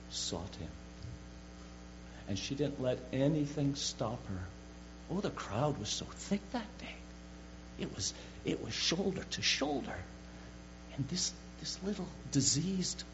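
A man preaching a sermon fervently, swinging from loud declarations to hushed words, on a dull recording with hum. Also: on the high side, animated, unhurried, gravelly.

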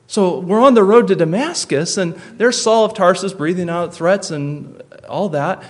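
A man preaching a sermon, earnest, slowing and softening for tender points and rising to emphatic peaks. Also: high-pitched. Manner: drops soft and slow for tender points. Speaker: pastor.

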